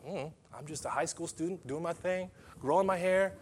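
A man's voice: on the high side, moderate pace, husky. A man voicing a young woman who brushes things off in an offhand, indifferent way. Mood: dismissive.

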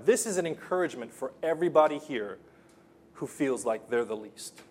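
A man preaching a sermon with passion, repeating phrases for emphasis and moving between soft, quiet lines and loud, rising ones. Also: a little high, animated, a little fast. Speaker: pastor.

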